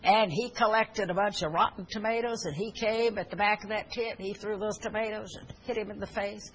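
A woman's voice: mid-range voice, fairly even intonation, a little fast, a little hiss or hum, low-quality recording. A woman preaching a sermon, telling stories earnestly with fillers and restarts, and urging her listeners fervently.

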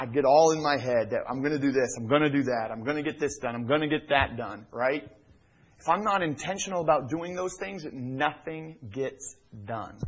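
A middle-aged male pastor preaching a sermon in a church, swinging from loud emphatic lines to hushed near-whispers. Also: high voice, husky, poor audio. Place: church sanctuary.

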